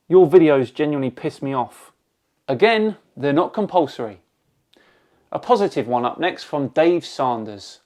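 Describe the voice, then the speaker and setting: An English YouTube host reads out a stream of viewer comments and answers them with deadpan sarcasm. His voice sits a little higher than most men's. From England. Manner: dry, sarcastic. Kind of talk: casual commentary reading comments aloud.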